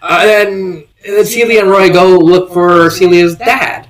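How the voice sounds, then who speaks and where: A man's voice: high-pitched, moderate pace, rough recording. A man casually reviewing a fanfiction story, rambling and giggling as he goes, with bursts of put-on voices.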